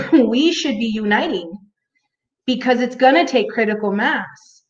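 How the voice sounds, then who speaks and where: A woman's voice: fairly high pitch, lively intonation, unhurried, background noise. A woman chatting casually to her viewers in a rambling way, with lots of fillers and restarts. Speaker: vlogger. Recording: echoey room, dull lo-fi sound.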